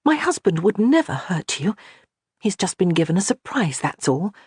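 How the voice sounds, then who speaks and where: A narrator voicing a kind, calm young noblewoman in an audiobook. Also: medium pitch, normal speed, breathy edge, no room sound, studio quality, pitched above the performer's own voice. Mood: gentle. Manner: soft, reassuring. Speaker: character in an audiobook. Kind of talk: audiobook character reading.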